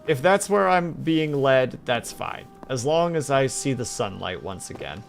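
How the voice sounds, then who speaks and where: Gravelly-voiced man chatting on stream. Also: medium pitch, animated, measured pace, faint music behind. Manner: chatty, jumps between game and chat replies. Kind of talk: casual gaming stream chat.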